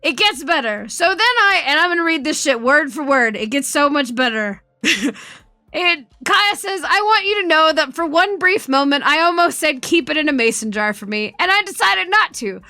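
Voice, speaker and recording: A woman's voice: high voice, lively intonation, moderate pace, pushed and bright, no echo, faint music behind. A woman streamer telling a story in casual chat, swearing often and laughing as she goes.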